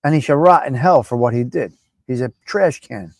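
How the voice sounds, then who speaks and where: A man hosting a casual live-stream chat, brash, profane and animated as he talks back at viewers by name. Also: medium pitch, normal speed, no echo. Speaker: live show host.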